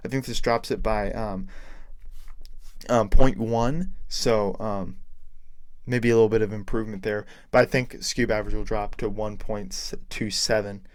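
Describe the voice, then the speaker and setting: Male podcast host, solo, chatty and self-deprecating, slightly worn voice, low and smooth, dry close sound. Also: fairly even intonation, a little slow, no echo. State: losing his voice. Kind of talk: casual solo podcast chat.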